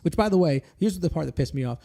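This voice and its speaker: Animated, swearing man telling a story. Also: on the high side, quick pace, gravelly. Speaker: podcast host. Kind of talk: casual chat, storytelling.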